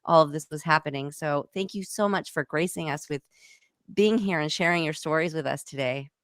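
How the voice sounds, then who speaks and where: A woman's voice: low voice, a little fast, fairly bright tone, no room sound, clean studio sound. A woman hosting a podcast, thanking her guest in an effusive, gushing way. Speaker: podcast host. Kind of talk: casual interview chat.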